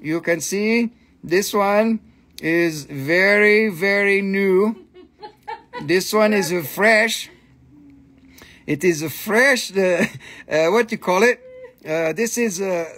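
A man's voice: high-pitched, slow, fairly bright tone. A man hosting a live sale, joking around, chanting and laughing a lot. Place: indoor shop.

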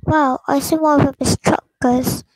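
A channel host with a high voice and fairly even intonation reads a film script aloud casually and slowly, captured on a rough recording. She stumbles and starts over, now and then dropping into a whispered aside.

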